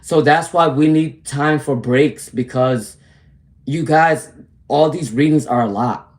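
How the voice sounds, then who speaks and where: A man's voice: a little high, takes it slowly. Chatty, candid male tarot livestreamer. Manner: casual, chatty, addresses viewers by name; slangy, candid, speaks in repeated phrases. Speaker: tarot reader.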